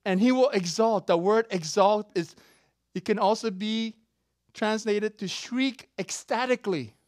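A preacher giving an animated, playful sermon with sudden shouts and laughter, recorded close and dry. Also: mid-range voice, measured pace, no echo.

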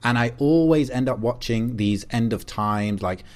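A man's voice: medium pitch, moderate pace. A young man hosting a podcast over a remote call, rambling with lots of fillers and checking in with his co-host. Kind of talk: casual chat.

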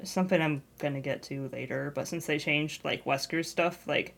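A woman with a notably low voice chatting on a podcast. She muses tentatively and thinks out loud, unsure where her points will land. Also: steady tone, moderate pace, creaky. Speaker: podcast co-host. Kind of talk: casual podcast chat.

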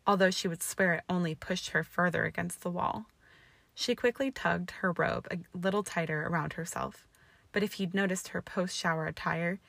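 A woman narrating a fan fiction story aloud in a steady, expressive way. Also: on the low side, no room sound.

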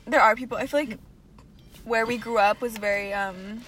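A woman's voice: a little high, steady tone, normal speed, a bit bright, a little hiss or hum. A young woman co-hosting a podcast in casual chat, talking in a valley-girl way and swearing offhandedly. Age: young adult. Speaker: podcast co-host.

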